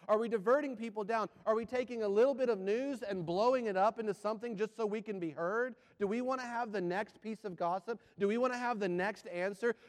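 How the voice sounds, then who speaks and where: A man preaching a sermon, firing rhetorical questions and swinging between loud and hushed delivery. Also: sits high, in a large hall.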